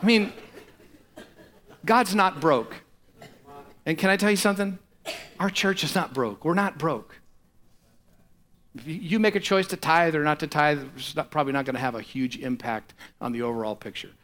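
A man's voice: on the high side, moderate pace, long pauses. A middle-aged male pastor preaching a sermon, swinging from conversational asides to impassioned, pleading passages. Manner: impassioned, rising to near-shouts in prayerful passages.

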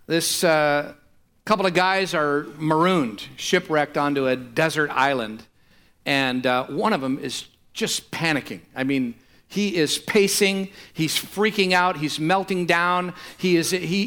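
A man preaching a sermon in a bright, somewhat high voice. He drives home his points with emphatic repetition and a steady rhetorical build. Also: unhurried. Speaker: pastor.

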